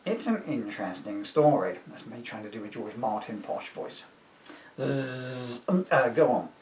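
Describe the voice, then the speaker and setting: A man, the author, reading his comic book aloud with deadpan jokes and asides, often chuckling at his own lines. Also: lowish voice, normal speed, recorded from a distance. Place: room, filmed on camera. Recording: roomy sound from away from the mic.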